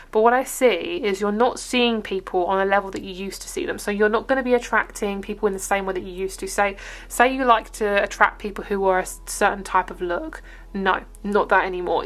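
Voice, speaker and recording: A young woman with an English accent talks her way through a tarot reading to camera. She is chatty and upbeat and rambles from one thought to the next, with a pitch that sits in the middle for a woman. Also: fairly bright tone. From England. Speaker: tarot reader.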